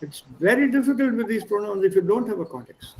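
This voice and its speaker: High-voiced man teaching German. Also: lively intonation, fast, low-quality recording. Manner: explanatory, mixes English, German and Hindi. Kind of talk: online language lesson. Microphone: video call.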